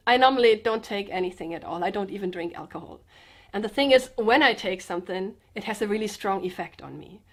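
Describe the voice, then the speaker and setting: Sick woman vlogging from her floor, kinda sedated and quiet, keeps stopping and restarting. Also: medium pitch. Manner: halting, hesitant, with many restarts; subdued, a little sedated. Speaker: comedian and vlogger. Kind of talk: personal confessional vlog. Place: indoors, sitting on the floor with pillows.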